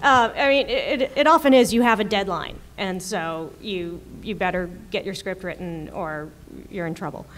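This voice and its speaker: A woman TV writer on a convention panel, chatty and quick to laugh as she tells stories. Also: medium pitch, fairly bright tone, a little hiss or hum. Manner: chatty, laughs often mid-story. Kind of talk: panel discussion.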